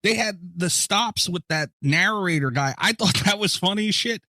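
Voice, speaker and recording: Excitable man chatting on a podcast. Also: high voice, normal speed, no room sound, studio quality. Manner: animated, swears freely. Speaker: podcast co-host. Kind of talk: casual chat.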